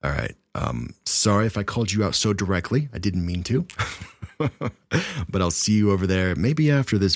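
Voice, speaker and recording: A man's voice: low voice, no room sound. A man in his thirties, narrating true scary stories and chatting casually with his listeners. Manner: relaxed and chatty when speaking to listeners. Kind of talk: reading submitted stories aloud.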